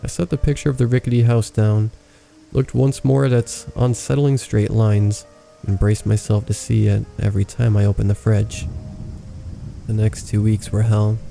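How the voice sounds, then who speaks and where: A man narrating a horror story in a calm, measured reading. His voice sits low and gravelly with a very dark, mellow tone. Faint rain ambience plays softly underneath. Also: soft background music.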